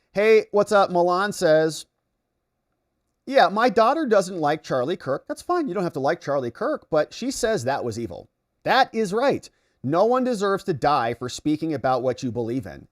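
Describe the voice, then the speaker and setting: A livestream host from the United States does political commentary, reading chat messages aloud and reacting. He alternates between excited outbursts and low mutters.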